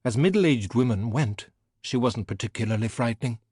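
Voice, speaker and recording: A man narrating an audiobook with an expressive, animated reading. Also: medium pitch, normal speed, husky, no room sound, studio quality. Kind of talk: scripted narration.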